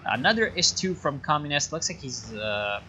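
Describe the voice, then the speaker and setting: Casting a strategy game replay, a man rambles sarcastically, packing his commentary with fillers and asides. His fairly high voice is pushed and bright, with lively intonation at a moderate pace, over slight background noise.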